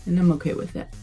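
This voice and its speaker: A young woman with a low, mellow voice talks through a makeup tutorial in a relaxed, rambling way, full of fillers. She speaks slowly, and soft music plays behind her. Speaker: beauty vlogger. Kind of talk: casual makeup tutorial chat.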